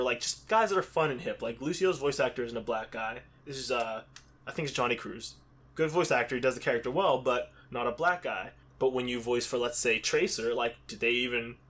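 A man's voice: mid-range voice, fairly bright tone. A man from Pittsburgh talking in a casual, rambling way, with lots of fillers and restarts. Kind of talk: casual chat.

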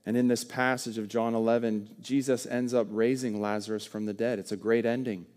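A man preaching a sermon in an earnest voice. He swells louder on key words, then drops down soft. His pitch sits in the middle. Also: level tone, a little fast. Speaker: pastor.

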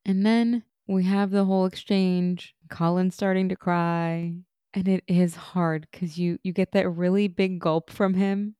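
A woman's voice: lowish voice, steady tone, a little slow, warm tone, clean tone, dry recording, clean studio sound. A woman co-hosting a podcast, chatting casually and laughing often as she recaps a TV episode. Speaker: podcast co-host.

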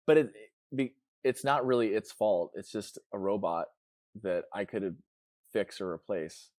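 A man's voice: lowish voice, lively intonation, measured pace, darkish tone, no room sound, clean studio sound. A man hosting a casual interview, easygoing and rambling, often searching for words mid-sentence. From Chicago. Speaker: podcast host.

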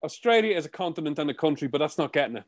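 A man's voice: fairly high pitch, animated, very fast. A young Irish man co-hosting a podcast in casual, jokey chat, laughing often and swearing freely. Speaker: podcast co-host.

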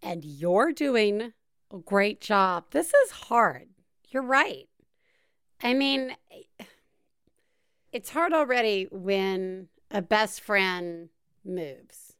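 A woman co-hosting a podcast in casual chat, wry and joking, then gently reassuring. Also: mid-range voice, sing-song, very slow, long pauses, clear, resonant tone, no echo, studio quality. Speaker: podcast co-host.

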